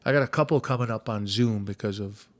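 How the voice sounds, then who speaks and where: A man's voice: fairly low pitch, fast, no echo. A man hosting a podcast, chatting casually, telling stories with plenty of restarts and casual swearing. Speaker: podcast host. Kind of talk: casual conversational interview.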